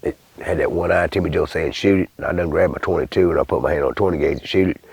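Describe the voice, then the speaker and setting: A man's voice: low-pitched, quick pace, creaky, a little mellow, husky, dry recording. An older man from Louisiana with a bayou accent, telling a rambling, folksy story full of swearing in an interview. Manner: rambling, folksy, swears often, acts out voices.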